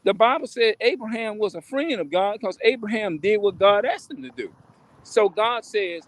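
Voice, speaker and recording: A man's voice: high voice, expressive, moderate pace. A man talking casually on a live stream, rambling and repeating himself as he keeps asking listeners questions. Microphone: phone or webcam on a live stream.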